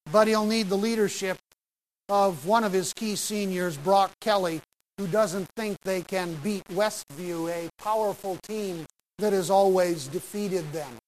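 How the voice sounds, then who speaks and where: Pastor, exhorting sermon, punchy short phrases, faint hiss. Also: male voice, high-pitched, unhurried, rough recording. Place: church sanctuary.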